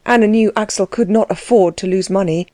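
A woman reading a period novel aloud in scripted audiobook narration, measured and expressive. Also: mid-range voice, no echo.

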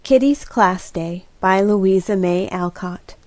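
A woman narrating a classic story as an audiobook reader, with a slow, clear and even reading. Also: medium pitch, no echo. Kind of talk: scripted narration.

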